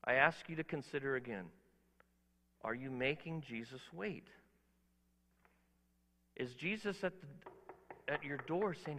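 A male pastor with a medium-pitched voice preaches emphatically at normal speed, his words echoing with a big-room sound. He swings between quiet asides and loud exhortation and puts questions to the congregation.

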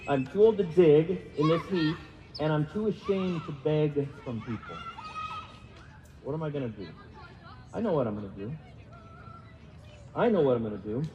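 A man's voice: fairly high pitch, lively intonation, moderate pace, long pauses, a little hiss or hum, close to an everyday voice. A man voicing a fired middle-aged estate manager who worries aloud about his future and then schemes. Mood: anxious. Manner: worried, rising self-questioning. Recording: reverberant hall, dull lo-fi sound.

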